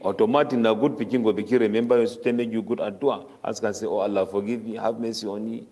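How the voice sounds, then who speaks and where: Cameroonian pidgin preacher man, lowish voice, rattles off arabic verses fast then explains. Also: fairly even intonation, warm tone. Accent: Cameroonian Pidgin English. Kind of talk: Ramadan tafseer sermon.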